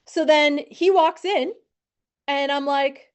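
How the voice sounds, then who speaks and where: A woman in her thirties who trains insurance agents, telling a lively story with acted-out quotes. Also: high-pitched, slow. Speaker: insurance and financial advisor training new agents. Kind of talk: storytelling talk to a team.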